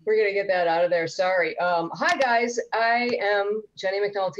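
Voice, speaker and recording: A woman's voice: medium pitch, fairly even intonation, moderate pace, few pauses, lo-fi sound, a little hiss or hum. A woman on a panel, talking in playful, jokey casual chat over a video call.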